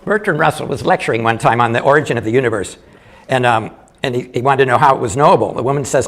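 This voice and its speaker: An older man doing live stand-up comedy, telling jokes in a halting way with many restarts and small chuckles. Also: medium pitch, expressive.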